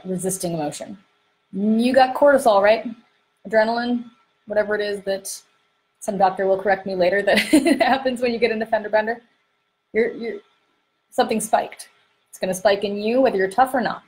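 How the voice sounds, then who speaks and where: A woman coaching on dating and emotions in an animated monologue. She often acts out inner voices and uses many fillers. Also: medium pitch, normal speed, rough recording. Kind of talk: podcast-style teaching monologue. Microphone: close microphone she bumps while gesturing.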